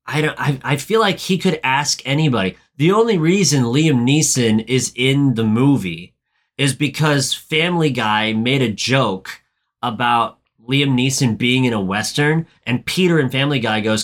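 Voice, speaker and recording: A man co-hosting a podcast, chatting about a movie with dry quips and quick, stumbling asides. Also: mid-range voice, a bit bright. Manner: dry, wry quips, often rushed asides. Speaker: podcast co-host. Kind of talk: casual movie-recap chat.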